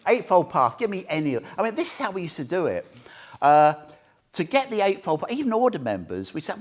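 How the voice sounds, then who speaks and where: Lively, jokey male dharma teacher. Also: a little high, fast talker. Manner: chatty, jokey, asks the group questions. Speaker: Buddhist teacher. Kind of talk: informal dharma talk to a small group. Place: meditation centre room.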